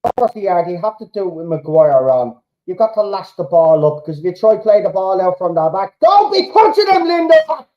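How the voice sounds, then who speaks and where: Swearing excitable football fan. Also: male voice, sits high, moderate pace, muffled recording. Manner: swearing, shouting at players, excitable. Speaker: fan channel host reacting live to a match. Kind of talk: live match reaction commentary.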